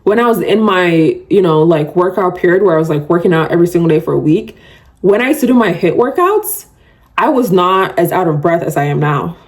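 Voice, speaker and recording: In a lowish, animated voice at a fairly quick pace, this podcast host chats casually on her own show. She laughs frequently and describes herself as someone who loves yapping.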